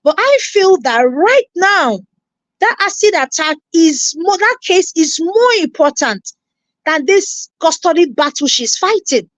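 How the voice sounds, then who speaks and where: Nigerian woman, live-stream reactor, very high, animated and scolding, dry mic. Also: measured pace, no room sound. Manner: animated, scolding, repeats herself, greets viewers.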